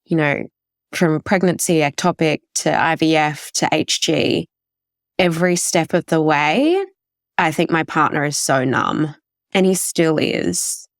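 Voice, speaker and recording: A woman's voice: sits low, measured pace, no echo, studio quality. A woman telling her personal story as a podcast guest, rambling and emotional with many fillers.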